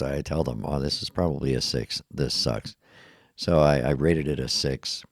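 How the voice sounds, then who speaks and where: A man's voice: very deep voice, creaky, a little mellow, breathy edge, no echo, clean studio sound. A middle-aged man talking tiredly in a rambling, self-deprecating podcast monologue, laughing at himself often. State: tired, yawning. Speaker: podcast host. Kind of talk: casual monologue.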